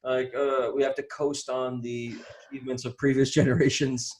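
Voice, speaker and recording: A man's voice: mid-range voice, little pitch movement, normal speed, darkish tone. Guy hosting a podcast, rambly, keeps restarting sentences, riffs on comedy bits. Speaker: podcast host. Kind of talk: casual interview chat.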